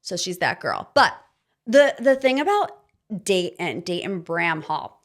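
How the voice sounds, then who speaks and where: A woman in her thirties hosting a podcast, giving casual pop-culture commentary in an animated, sarcastic, ranting manner. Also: on the low side, unhurried. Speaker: podcast host.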